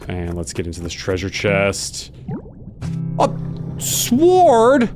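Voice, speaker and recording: A man casually commenting on his gameplay, excitable and sarcastic, jumping between low mutters and loud yelps. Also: slow pace, over music. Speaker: gaming video host. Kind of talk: casual let's-play commentary.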